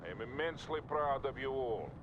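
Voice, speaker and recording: A man's voice: mid-range voice, animated, fairly quick, lightly acted. An actor playing a solemn Soviet commander addressing his troops in a video game radio briefing. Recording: dull game audio with crowd noise.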